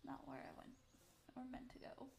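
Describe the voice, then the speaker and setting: A woman's voice: moderate pace, darkish tone, a little hiss or hum. A woman streamer chatting casually and rambling to herself while playing a game at home. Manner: rambling, chatty, self-talk between game actions. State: out of breath.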